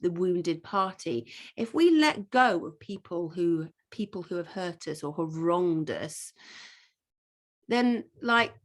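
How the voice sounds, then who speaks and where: A woman's voice: fairly low pitch, lively intonation, takes it slowly. A woman, leading an informal masterclass as a life coach, talking in an earnest, rambling way with many fillers, restarts and the odd swear word.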